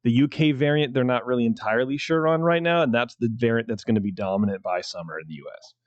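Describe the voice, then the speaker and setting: A man's voice: mid-range voice, quick pace, dry recording, dull audio. A man hosting a casual podcast, joking as he reads out news. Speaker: podcast host.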